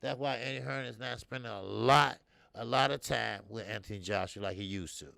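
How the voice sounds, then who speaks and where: A man with a mid-range, creaky, bright voice hosts a boxing talk show, talking a little fast with a forceful tone. He rambles loosely, swears freely and uses lots of fillers while answering viewer comments in casual live-stream commentary. The recording is studio quality with no echo.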